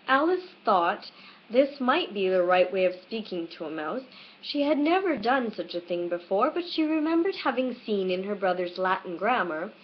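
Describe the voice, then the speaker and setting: A woman giving an unhurried, plain amateur reading of a classic storybook, from a dull lo-fi webcam recording. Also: medium pitch, animated. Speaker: audiobook reader.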